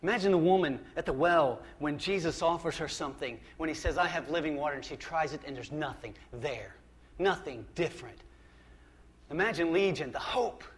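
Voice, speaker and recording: Man pastor, slightly high voice, conversational emphatic sermon, repeats himself, church setting. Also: lively intonation, normal speed. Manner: conversational, emphatic, frequent restarts and repetition.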